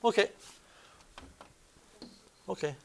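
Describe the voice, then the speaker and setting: A man's voice: extremely slow, a little mellow. A male math teacher lecturing a classroom, explaining each step and correcting himself aloud as he goes.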